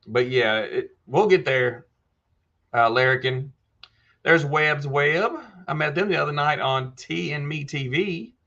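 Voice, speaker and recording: A man's voice: on the high side, a little slow, bright, forceful tone, highs cut off. A man hosting a casual live chat. He reads viewer comments aloud and answers them by name in a folksy way. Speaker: livestream host answering viewer questions.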